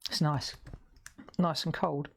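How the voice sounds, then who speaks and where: Woman, deep voice, encouraging, live colouring tutorial host. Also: steady tone, slow pace, gravelly, slightly rough. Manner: chatty, encouraging, talks straight to viewers. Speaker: craft show host.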